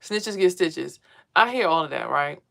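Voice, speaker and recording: A woman's voice: low-pitched, animated, a little slow, vocal fry, pushed and bright. A woman talking casually to her viewers as a spiritual vlogger, blunt and profane, telling stories with emphasis. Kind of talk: casual monologue to a live chat.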